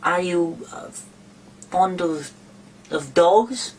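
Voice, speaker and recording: A man's voice: high voice, animated, extremely slow, breathy edge, voice pushed up, heavily acted, rough recording. A man voicing a polite, chatty young girl in an eager, apologetic manner for a storybook reading.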